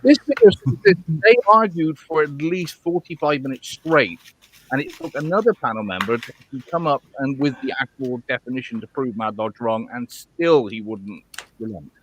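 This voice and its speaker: A man's voice: medium pitch, expressive, moderate pace, fairly bright tone, slight background noise, poor audio. A man from England hosting a casual podcast, telling a story with crude, sarcastic banter.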